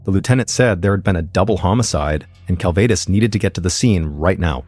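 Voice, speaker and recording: Male podcast host, lowish voice, measured suspense narration. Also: expressive, a little mellow, faint music behind. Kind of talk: scripted true-crime narration.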